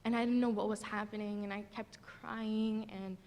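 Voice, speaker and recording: A young woman from the audience telling a personal story, halting and tearful, with many fillers. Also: mid-range voice, little pitch movement, a little mellow. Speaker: audience member. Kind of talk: emotional personal testimony. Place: large theater.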